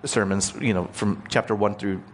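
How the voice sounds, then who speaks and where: A man's voice: lowish voice, fairly even intonation, moderate pace, a little hiss or hum. A male preacher working through a scripture passage in a conversational sermon. He explains it plainly and puts questions to his listeners.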